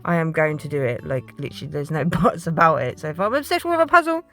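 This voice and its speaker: A woman's voice: low voice, animated, quick pace, sharp tone, faint music behind. A woman chatting casually to her viewers while doing a puzzle, rambling off topic and often apologising. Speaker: puzzle vlogger. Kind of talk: casual chat to camera.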